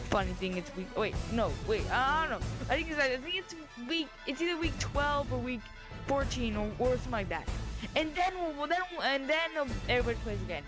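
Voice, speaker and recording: A young woman who vlogs sports predictions makes football picks in rambling, casual chat, breaking off for jokey asides, bits, and a mock phone call. Her voice is high and expressive, her pace brisk, with music playing behind her and a headset or headphone mic.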